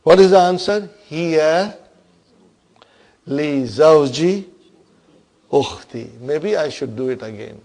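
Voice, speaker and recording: A man's voice: fairly high pitch, animated, slow pace, pauses often, a little mellow. A man teaching an Arabic grammar class, patiently explaining terms and often checking that his students follow.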